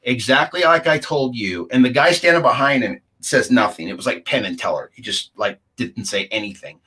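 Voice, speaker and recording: A man's voice: medium pitch, lively intonation, normal speed, sharp tone, husky. A middle-aged man, a guest, recounting a personal encounter in casual, rambling storytelling and acting out the other people's lines. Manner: rambling, acts out the dialogue of others.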